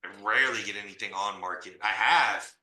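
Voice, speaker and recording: A man's voice: lowish voice, a little fast, pushed and bright. A man, hosting a casual chat, blunt and slangy, telling deal stories with animation. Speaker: podcast host, real estate investor. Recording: echoey room.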